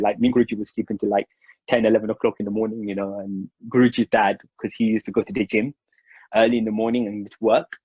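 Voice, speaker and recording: A Mauritian man recounts personal memories in a casual, animated way, performing the voices of the people he quotes. His voice is mid-range and husky, and the recording is dry and slightly dull.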